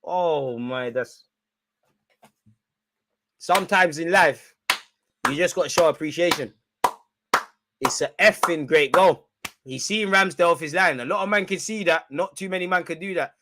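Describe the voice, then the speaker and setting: A man's voice: a little high, normal speed, long pauses, background noise. A man hosting a live football watch-along, chatting in slangy banter, reacting to the play and often breaking into laughter. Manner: reacts loudly to goals and chances.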